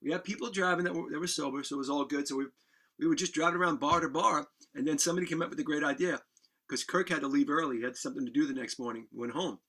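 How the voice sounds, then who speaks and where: Gravelly, bright-voiced man telling a rowdy story. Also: fairly high pitch. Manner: animated, swearing, laughing storyteller. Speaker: podcast guest, musician. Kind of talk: casual storytelling.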